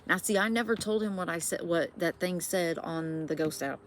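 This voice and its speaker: A woman's voice: fairly low pitch, normal speed, a little hiss or hum. A middle-aged woman from Indiana, telling a personal ghost story to viewers in a chatty, swearing way with many fillers. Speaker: vlogger. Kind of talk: casual storytelling.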